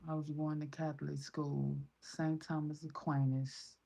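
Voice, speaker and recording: A woman's voice: deep voice, flat delivery, a little slow, vocal fry, warm tone. A mother in her thirties with a Chicago accent, talking in a casual, blunt, profane vlog and quoting other people in raised voices. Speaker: vlogger.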